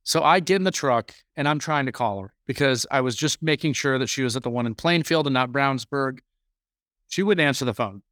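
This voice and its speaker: A man co-hosting a podcast, telling a long story in a rambling, animated way during casual chat. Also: medium pitch, fairly quick, dry recording, studio quality. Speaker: podcast co-host.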